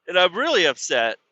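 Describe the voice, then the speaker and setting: A man's voice: mid-range voice, bright, forceful tone, dry recording. A man who hauls water as a truck driver talks casually on his podcast, rambling, grumbling and swearing about his job. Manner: profane, grumbling and frustrated, with many fillers. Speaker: podcast host. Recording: dull lo-fi sound.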